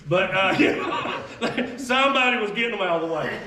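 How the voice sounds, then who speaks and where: His voice is high, animated, bright and forceful at a moderate pace. He's a reenactor giving a group a folksy, emphatic, conversational history talk with drawling asides, captured at a distance in an echoey room with a little hiss or hum.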